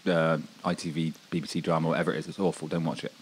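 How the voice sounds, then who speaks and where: A man's voice: rumbling low, little pitch movement, rapid-fire, a little hiss or hum. A man co-hosting a football podcast, talking in a rambling, hesitant way with many ums and restarts. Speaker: podcast co-host. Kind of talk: casual football chat.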